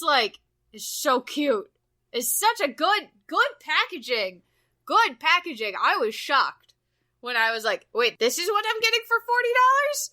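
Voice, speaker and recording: A young woman co-hosting a casual podcast chat, gushing and squealing with excitement, swearing freely. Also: high voice. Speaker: podcast co-host.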